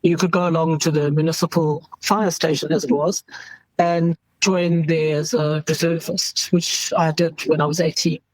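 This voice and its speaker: A woman's voice: low voice, level tone, normal speed, a little mellow, dry recording, rough recording. Woman in her 50s, er doctor talking straight, slips into voices for quotes, dry close sound. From South Africa. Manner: frank, acts out quoted voices. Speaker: emergency doctor. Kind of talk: candid interview talk.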